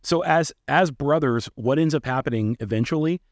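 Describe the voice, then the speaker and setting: A man's voice: a little high, normal speed, no room sound, clean studio sound. A man hosting a casual podcast interview, asking probing questions with playful teasing and stammering restarts. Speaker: podcast host.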